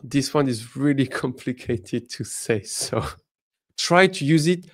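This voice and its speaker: A man from France with a French accent teaching an online lesson, upbeat and encouraging, saying his examples slowly and carefully. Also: mid-range voice, lively intonation.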